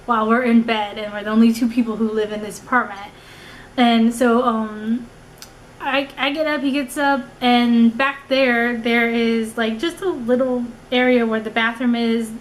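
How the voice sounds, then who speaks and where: A woman's voice: a little high, a little hiss or hum, rough recording. Chatty young woman telling a story. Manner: animated, rambling with many "like"s and restarts. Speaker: vlogger. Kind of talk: casual storytelling.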